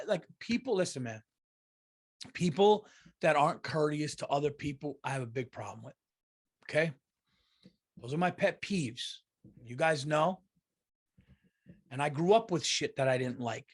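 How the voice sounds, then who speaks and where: A man's voice: high-pitched, moderate pace, long pauses, fairly bright tone. A man hosting his own podcast, talking alone from his office in a heated, profane rant. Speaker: podcast host and comedian.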